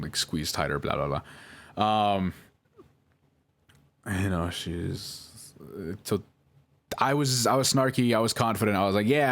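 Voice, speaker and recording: A man's voice: deep voice, fairly bright tone. A young man nervously talking through old chat messages, rambling with many fillers and restarts and apologizing over and over. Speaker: video creator reading out chats.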